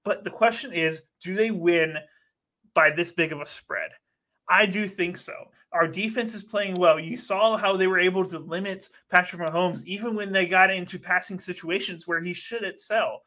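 A man co-hosting a casual football betting show, emphatic and animated as he argues his pick. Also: high-pitched, normal speed. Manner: animated, emphatic, trash-talking. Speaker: co-host making picks. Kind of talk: casual sports betting chat.

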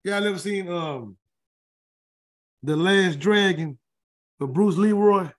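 High-voiced man teaching a Bible study. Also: slow. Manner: colloquial, chatty asides, frequent restarts while reading. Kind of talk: scripture reading with casual commentary.

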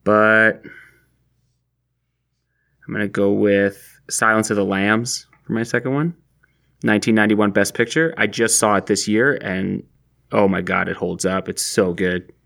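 A man's voice: fairly low pitch, steady tone, measured pace, vocal fry, pauses often, fairly bright tone. A man who is a recurring guest on a podcast, easygoing and enthusiastic in casual chat.

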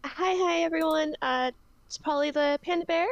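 A woman voicing a cheery female panda bear hacker, talking in a giggly, halting way. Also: sits high, dry recording, natural voice.

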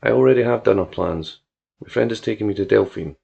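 A young farm woman stays cool and teasing, her lines soft and unbothered, read by a man. The voice carries a gravelly edge. The recording sounds dull and lo-fi. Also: on the low side, brisk, pitched below the performer's own voice, exaggerated voice. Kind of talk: audiobook character reading.

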